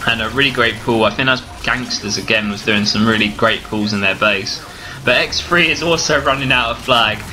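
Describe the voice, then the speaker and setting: A man giving excited, breathless commentary over his own gameplay, talking straight to his viewers. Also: medium pitch, moderate pace, soft background music. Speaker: gaming video commentator.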